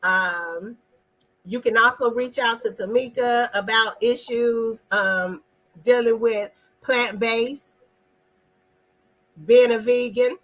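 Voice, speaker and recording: A woman's voice: on the high side, slow, a bit bright, rough recording. A woman hosting an online live talk, speaking emphatically in a casual, preachy way and addressing viewers in the chat. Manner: emphatic, preachy, asks the audience questions; talks directly to viewers in the chat.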